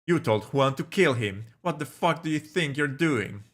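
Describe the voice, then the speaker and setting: A man's voice: on the high side, animated, normal speed, a bit bright, pitched above the performer's own voice. A man voicing a hot-tempered, jealous adult man who snaps and curses at his partner. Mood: angry, scolding. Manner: angry, cursing, snapping.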